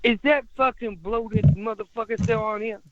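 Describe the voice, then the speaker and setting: A man's voice: high voice, fairly even intonation, normal speed. A man calling into a show, aggressive and threatening with heavy swearing, heard through dull phone-call audio. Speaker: caller. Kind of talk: prank call-in trolling.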